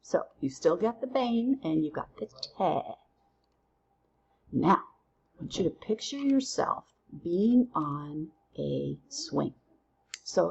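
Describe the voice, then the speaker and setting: A woman teaching a recorded lesson through counting drills, playful and quick to use silly memory tricks. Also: fairly low pitch, lively intonation, creaky, a little mellow, husky, highs cut off. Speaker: Spanish teacher.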